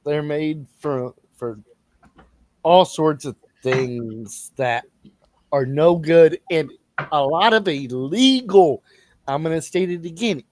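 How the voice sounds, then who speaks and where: A man chatting on a livestream, speaking slowly and emphatically. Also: fairly high pitch, darkish tone. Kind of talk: casual livestream chat.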